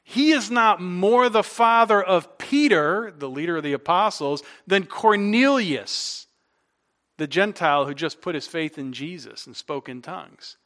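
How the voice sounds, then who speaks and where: A man delivers a sermon in a high-pitched voice. He keeps it conversational, tossing rhetorical questions at the listeners. His tone is bright and forward. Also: measured pace. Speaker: pastor.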